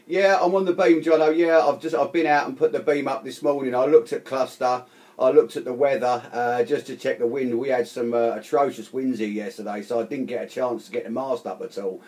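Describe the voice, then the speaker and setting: A man's voice: mid-range voice, fairly even intonation, brisk, darkish tone. A man chatting casually on amateur radio, friendly, calling the other man mate again and again. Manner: chatty, says mate constantly.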